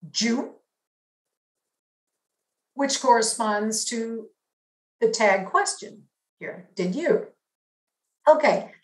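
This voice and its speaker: A woman with a New York accent giving an academic lecture in a measured, explanatory way, stressing key terms. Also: on the high side, reverberant, rough recording.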